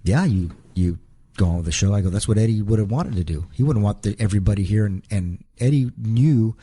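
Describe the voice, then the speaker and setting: A man being interviewed, recounting events in a halting way, repeating his words as he relives each moment. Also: fairly low pitch, mellow, slightly rough. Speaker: guest, wrestler. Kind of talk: casual storytelling interview.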